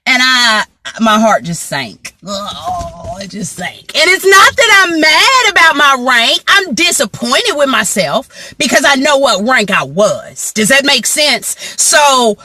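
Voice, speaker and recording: Bright-voiced woman telling a story. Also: sits high, slow, no echo. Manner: animated, slangy, talks straight to the audience. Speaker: vlogger. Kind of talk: casual storytelling to viewers.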